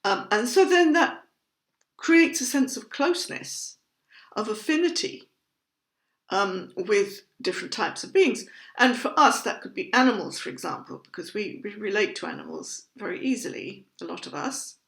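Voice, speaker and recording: A woman teaching about Buddhism in a measured, thoughtful educational talk, patiently explaining terms. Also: medium pitch, lively intonation, gravelly, a bit bright. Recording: roomy echo.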